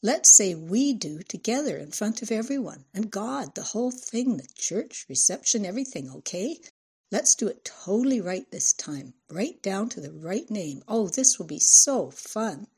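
Woman reader doing a tearful, pouty wife; husky, soft-toned, dramatic. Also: medium pitch, expressive, measured pace. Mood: coaxed, playful. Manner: wailing, sobbing, pouty. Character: emotional wife, weepy and demanding.

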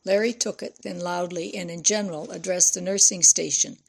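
A woman narrating an audiobook in a steady, measured way. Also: lowish voice, vocal fry.

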